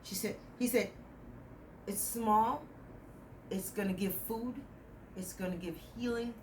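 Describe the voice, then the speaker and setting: Young adult woman, mid-range pitch, casual rambling dream-recounting, light background noise. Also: normal speed, rough recording. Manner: rambling, animated retelling with quoted dialogue. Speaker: dream vlogger. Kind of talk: casual storytelling about a dream.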